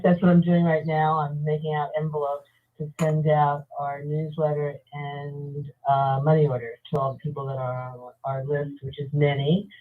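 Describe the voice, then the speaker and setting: A woman guest calling in to a casual interview, telling her story in a chatty, unhurried way. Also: deep voice. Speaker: guest, advocacy group founder. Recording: tinny phone-like line.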